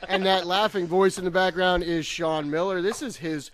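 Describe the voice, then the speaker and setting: A man hosting a casual radio show, his voice sitting a little high. He keeps things upbeat, laughs often and reads the news briskly. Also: fairly even intonation, slight background noise.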